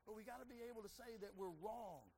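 A man's voice: high voice, fast talker, dark tone, a little hiss or hum, low-quality recording. A man preaching a sermon as pastor, talking conversationally, often repeating words and prodding the congregation.

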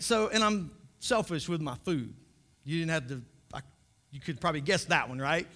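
A man's voice: sits high, pushed and bright. A man preaching a humorous sermon as pastor, joking and often repeating words as he starts sentences.

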